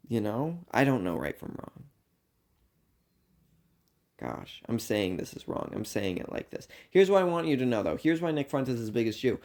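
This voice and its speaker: Young man, student, rambling comic monologue, earnest, loud bursts then quiet asides, middle-pitched voice. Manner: earnest, meandering, swinging between loud outbursts and quiet asides. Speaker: university student performer.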